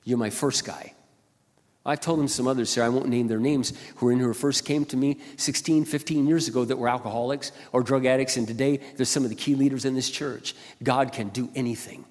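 A man preaching a sermon as a pastor, passionate, dropping to quiet asides and then rising to loud exclamations. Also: medium pitch, fairly even intonation, fairly quick. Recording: long hall reverb.

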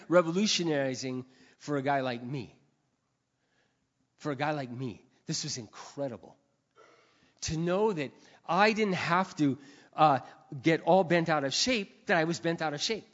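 A man preaching a sermon, telling stories with big swings between quiet and shouted passages. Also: fairly high pitch, measured pace, long pauses. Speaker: pastor. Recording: dull sound with long hall reverb.

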